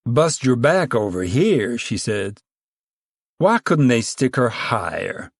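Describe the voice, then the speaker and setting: A man's voice: mid-range voice, big pitch swings, slow pace, no room sound, studio quality, pitched above the performer's own voice, full character voice. A man voicing a stern middle-aged woman who chairs a camp committee, talking in a bossy rural drawl.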